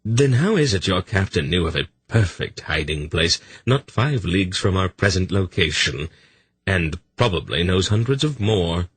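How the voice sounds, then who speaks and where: A man's voice: low voice, expressive, moderate pace, husky, no room sound. A man voicing a sly, teasing male thief with dry wit in an audiobook.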